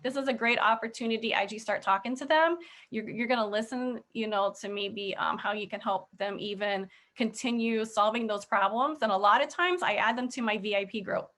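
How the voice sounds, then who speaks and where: A chatty woman coaching her sales team, with a voice pitched a little high. She talks in a relaxed, friendly way and keeps checking in with "okay?" and "right?". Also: fairly quick. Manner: laughs easily. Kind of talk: casual training talk.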